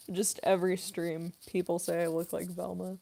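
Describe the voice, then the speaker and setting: Young woman streamer, somewhat low voice, unhurried, laid-back Q&A chatter. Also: gravelly. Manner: relaxed and rambling, many fillers, laughs often, eating while talking. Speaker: streamer and voice actress. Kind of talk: casual stream Q&A chat.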